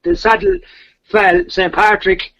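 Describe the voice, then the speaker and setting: Male storyteller, gravelly and husky, lively pitch, casual legend retelling, lo-fi sound. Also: measured pace. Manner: animated retelling of a legend, repeats words and restarts. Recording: dull lo-fi recording.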